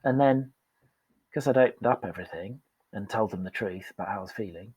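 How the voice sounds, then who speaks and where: A man's voice: on the low side, brisk, a little mellow, slightly rough, dry recording. A man, a podcast guest speaking frankly and with self-deprecating humour about his past work. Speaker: podcast guest, performance coach. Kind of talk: candid storytelling in conversation.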